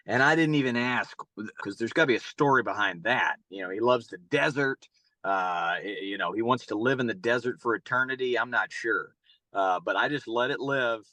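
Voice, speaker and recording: A middle-aged youth baseball coach from North Carolina answers interview questions with long, rambling stories, often repeating his words. His mid-range voice is fairly bright, at a moderate pace, recorded with no echo.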